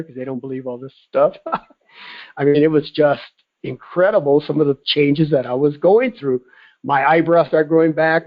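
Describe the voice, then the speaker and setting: A man in his fifties calls in and tells his story with eager, animated energy. His voice sits a little high. The sound is dull and lo-fi. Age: 50s. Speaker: caller giving a testimonial. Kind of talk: casual phone-in testimonial.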